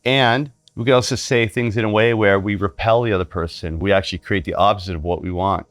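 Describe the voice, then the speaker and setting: Earnest deep-voiced male facilitator. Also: steady tone, quick pace, a bit bright, dry recording. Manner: earnest, acts out voices in stories. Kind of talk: teaching talk with storytelling.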